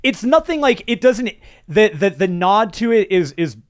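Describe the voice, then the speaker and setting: Middle-aged male co-host, casual game chat, higher pitch, rambling delivery. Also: very animated, normal speed, no room sound, studio quality. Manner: rambling, many restarts and fillers. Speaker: podcast co-host. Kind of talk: casual chat about video games.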